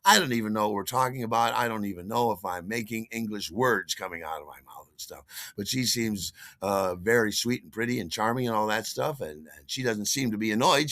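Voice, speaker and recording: A man's voice: medium pitch, animated, a little fast, bright, forceful tone, no room sound. A man telling a comic, self-mocking personal story, acting out the scenes. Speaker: podcast host.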